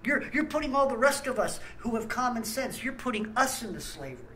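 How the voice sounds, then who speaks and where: A man's voice: very high-pitched, very animated, brisk, few pauses, sharp tone, slight background noise, poor audio. A man, host of a small ministry channel, ranting angrily with blunt talk and stammered restarts. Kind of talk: angry ranting monologue.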